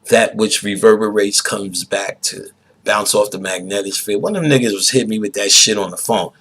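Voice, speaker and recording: A man, a podcast host giving a profane, preachy monologue that swings into loud outbursts. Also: lowish voice, steady tone, normal speed, rough recording.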